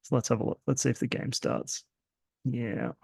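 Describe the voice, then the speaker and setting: A man's voice: medium pitch, very animated, moderate pace, vocal fry, a little mellow, husky, dry recording, studio quality. A man with an Australian accent talks through his own card game in a rambling, self-deprecating way, full of fillers and restarts. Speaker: host. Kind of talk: casual gameplay commentary.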